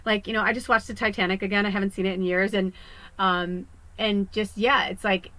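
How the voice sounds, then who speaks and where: A woman's voice: medium pitch, flat delivery, fairly quick, fairly bright tone, no echo, low-quality recording. A woman medium from the US West Coast talking in a casual spiritual monologue, rambling and chatty, swearing freely. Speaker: psychic medium. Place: home podcast set.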